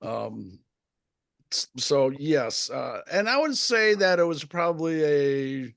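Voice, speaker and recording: A man who once umpired ball games, spinning yarns in easy conversation. His voice sits a bit high for a man, and he throws himself into the people he quotes, swinging his pitch up and down. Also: slow pace, creaky. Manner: animated, acts out quotes with big pitch jumps. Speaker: retired baseball umpire. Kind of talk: casual storytelling chat.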